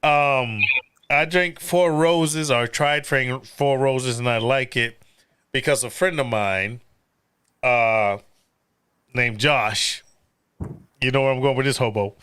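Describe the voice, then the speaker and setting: A man hosting a casual live podcast chat, rambling and profane and quick to laugh. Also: mid-range voice, a bit bright, clear, resonant tone, no room sound. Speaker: podcast host.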